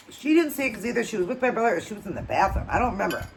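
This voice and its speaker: A woman hosting her own channel, telling a story in a loose, chatty way, getting louder and higher at tense moments and dropping to low murmurs between them. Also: very fast, hardly any pauses, slight background noise, low-quality recording. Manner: animated retelling with acted quotes, trailing off into low murmurs. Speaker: channel host. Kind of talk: casual storytelling while eating.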